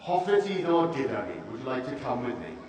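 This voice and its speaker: A man's voice: medium pitch, very animated, quick pace, darkish tone, a little hiss or hum, voice pushed down, close to an everyday voice. A man playing a hopeful young lad setting out to seek his fortune, speaking earnestly with a Welsh accent. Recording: echoey hall, distant mic.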